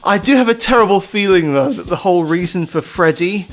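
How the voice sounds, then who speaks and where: English man, podcast co-host, rambling, emphatic, slightly high voice. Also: expressive, a little fast. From England. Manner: rambling, emphatic, swears freely. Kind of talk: casual chat.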